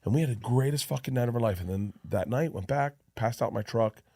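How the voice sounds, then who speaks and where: A man telling a wild story on a podcast, animated and acting out the voices of people in it. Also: medium pitch, quick pace, vocal fry, no room sound, clean studio sound.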